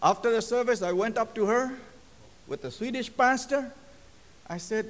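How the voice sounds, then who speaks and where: A man's voice: very high-pitched, normal speed, long pauses. A male preacher from Myanmar, telling his testimony in a sermon and acting out the quoted dialogue. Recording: long hall reverb.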